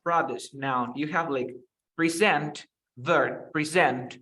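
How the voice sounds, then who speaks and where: A man's voice: a little high, expressive, moderate pace, sharp tone. A young man whose first language is Spanish, teaching an English lesson over a video call, explaining words and repeating them for practice.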